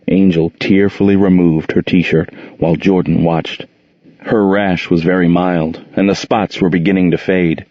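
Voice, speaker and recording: A deep-voiced man narrates a story in a steady, even reading style. His tone is dark and mellow, recorded close and dry with a slightly dull, lo-fi sound. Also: dry recording. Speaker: audiobook narrator.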